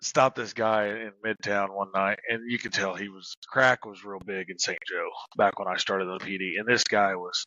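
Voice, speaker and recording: A man's voice: fairly low pitch, fairly even intonation, normal speed, hardly any pauses, bright, forceful tone, no room sound, dull audio. A middle-aged man and former police officer, casually telling stories on a podcast, laughing and swearing as he goes. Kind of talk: casual storytelling.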